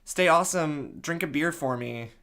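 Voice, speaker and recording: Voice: mid-range voice, normal speed. Host empolgado e falante. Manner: gushing, excitable, frequent restarts and laughter. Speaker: podcast co-host. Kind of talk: casual chat reviewing fan fiction.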